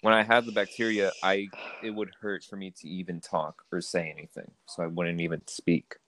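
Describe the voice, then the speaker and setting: A man's voice: low-pitched, level tone, moderate pace, a bit bright, slight background noise, rough recording. A young man on a casual podcast, talking in a blunt, laid-back way and swearing casually. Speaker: podcast co-host.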